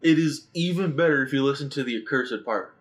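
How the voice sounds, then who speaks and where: A man hosting a casual podcast, excitable, swearing and laughing as he chats with friends. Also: medium pitch, brisk, poor audio. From United States. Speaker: podcast host. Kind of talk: casual chat.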